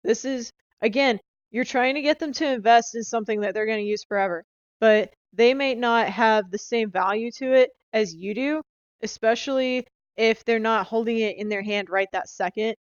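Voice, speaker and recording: A woman's voice: on the high side, normal speed, clean tone, dry recording, muffled recording. A young woman casually recapping her sales training into a handheld phone, chatty and upbeat with lots of fillers. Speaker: sales rep.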